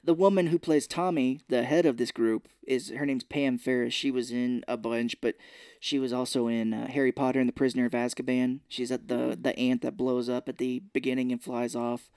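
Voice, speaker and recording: A man co-hosting a podcast, retelling a film scene by scene in casual chat and slipping into quick voices for the characters. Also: mid-range voice, little pitch movement, a little mellow, clean tone, no echo, clean studio sound. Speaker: podcast co-host. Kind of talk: casual movie recap chat. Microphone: podcast microphone.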